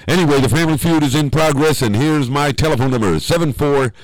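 A man hosting a radio show, chatting and telling stories in a teasing, animated way and slipping into funny voices. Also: on the high side, quick pace, no room sound, rough recording. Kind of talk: casual studio chat and storytelling. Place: radio studio.

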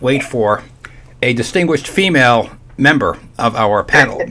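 A man's voice: medium pitch, bright, forceful tone. An older man hosting a casual radio talk show, folksy and chatty with playful asides.

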